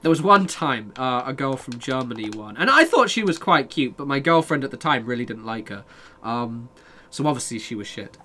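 A man's voice: medium pitch, sing-song, moderate pace, pushed and bright. A young man live-streaming a game, chatting casually with viewers, reading their messages and swearing freely. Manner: chatty, sweary, reads and answers chat.

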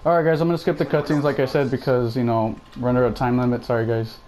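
With slight background noise, a fast-talking young YouTuber speaks in a level, darkish, mid-range voice. As he plays a horror game, he keeps talking to viewers and jumpily exclaims whenever something scares him.

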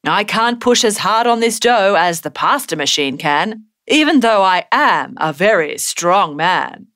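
A woman's voice: medium pitch, expressive, unhurried, a bit bright, no room sound, clean studio sound. A woman voicing a cheerful, encouraging dad who is teaching his young son. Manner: encouraging, praising.

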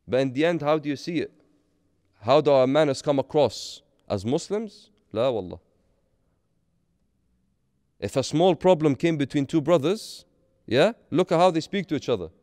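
A man's voice: on the high side, a little mellow, dry recording. Man, preacher, sermon, earnest, rhetorical questions, dry close sound. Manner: earnest, rhetorical questions, mixes in Arabic phrases. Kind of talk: Friday sermon.

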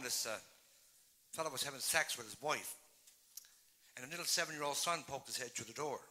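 A man doing live stand-up comedy, telling folksy jokes in quick succession on stage. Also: mid-range voice, bright, forceful tone, rough recording. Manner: folksy rapid-fire joke telling.

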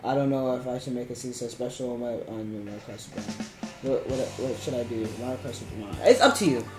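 A male game streamer giving casual live-stream commentary, rambling and playful, now and then chanting a word in sudden high squeals. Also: fairly quick. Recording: echoey room with faint game music.

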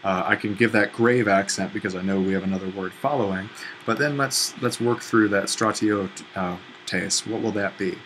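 A man's voice: fairly low pitch, moderate pace, fairly bright tone, slight background noise, low-quality recording. A man teaching a language lesson, walking through an exercise step by step while thinking aloud, with fillers and self-corrections. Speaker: Greek teacher.

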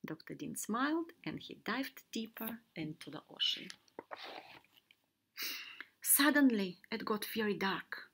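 Slow, bright, expressive narration from a woman reading a children's storybook aloud. Her pitch rises and falls playfully, and she sometimes drops to a soft whisper for effect. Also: slightly rough. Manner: animated, switching voices for characters, soft whispers. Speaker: storybook reader.

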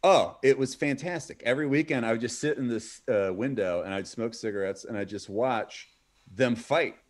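A man in his forties swaps stories with a friend on a livestream. His pitch sits in the ordinary middle range for a man. He rambles, leans on "like" and restarts his sentences. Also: normal speed. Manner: rambling, heavy use of "like", restarts mid-sentence. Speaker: stream co-host. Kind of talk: casual storytelling chat.

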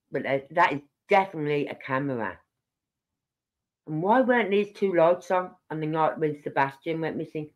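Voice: mid-range voice, muffled recording. Rambling older live-stream host. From Birmingham, England. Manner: rambling, chatty, talks straight to viewers. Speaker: livestream host. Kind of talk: casual live-stream chat.

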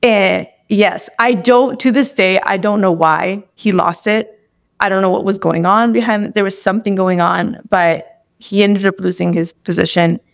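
A woman's voice: mid-range voice, fairly even intonation, moderate pace, vocal fry. A young adult woman, a podcast guest, tells a personal story in casual conversation, chatty and full of restarts. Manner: chatty, with many restarts and acted-out inner thoughts.

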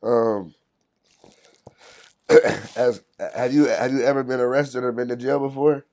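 A man's voice: medium pitch, steady tone, a little slow, darkish tone. A man hosting a casual interview, mostly giving short laid-back replies and stumbling a little into his questions.

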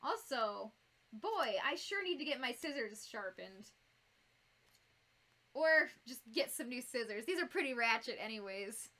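A high, bright-voiced woman with a Northern US accent, chatting on a live stream as she crafts. She is bubbly and giggly and talks straight to her viewers in a casual, friendly way. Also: expressive, unhurried. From United States. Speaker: fursuit maker streaming live.

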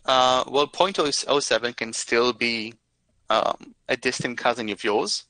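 A man fields questions during an online session and explains features patiently, often pausing with filler sounds as he searches for the right phrasing. His voice is bright and forward, and the recording is dry and close. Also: mid-range voice, no room sound, poor audio. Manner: careful, explanatory, many "uh" fillers. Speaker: product expert answering questions. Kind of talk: live Q&A explanation.

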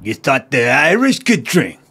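A man's voice: medium pitch, big pitch swings, unhurried, sharp tone, a little hiss or hum, exaggerated voice. A man voicing a boastful, foul-mouthed male barroom storyteller who swears and repeats himself, in improvised comic storytelling. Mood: rowdy. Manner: brash, swearing, repeats lines.

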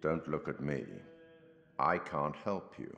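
An actor playing an enigmatic male curator in a video game, speaking in a measured, musing, theatrical way. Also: extremely low pitch, pushed and bright, lo-fi sound, heavily acted. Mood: brooding. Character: enigmatic older male curator, wry and sinister. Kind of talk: video game character dialogue. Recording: roomy reverb with music.

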